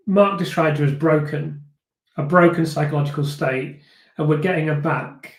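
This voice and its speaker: A man talks through viewer comments on a live stream in a slightly high voice, pausing often and restarting his sentences. He sounds reflective and earnest. The room around him is noticeably echoey. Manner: thoughtful, hesitant, many fillers and restarts. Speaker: host of a live viewer discussion.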